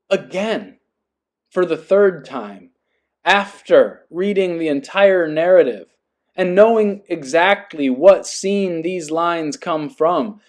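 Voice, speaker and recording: A podcast host with a voice pitched a little high for a man. He reads a passage slowly and then reflects earnestly in a monologue, often pausing to check that the listener follows. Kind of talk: reading aloud and reflective monologue.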